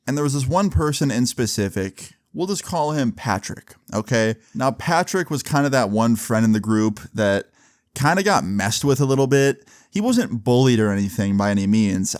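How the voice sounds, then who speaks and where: A man's voice: medium pitch, no echo, studio quality. A young man telling a casual, rambling story about a party, full of "like" and "bro" fillers. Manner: rambling, slangy, lots of "like" and "bro".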